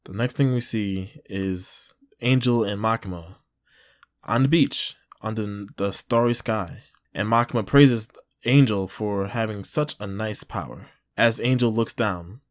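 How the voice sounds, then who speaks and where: A man recapping a manga chapter in a casual way, retelling each scene and slipping into quick quoted lines. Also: lowish voice.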